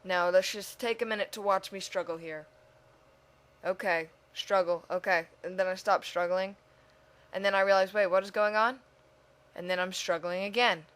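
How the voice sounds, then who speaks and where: A woman with a mid-range, fairly bright voice and fairly even intonation narrates her speed-drawing video at a moderate pace. The video creator's voice-over is casual, rambling and self-mocking, as if talking to herself while she works.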